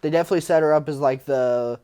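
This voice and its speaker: A man guest-hosting a podcast in casual chat, excitable and laughing often, swearing and full of fillers. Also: fairly high pitch, fast talker, smooth. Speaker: podcast producer, guest host.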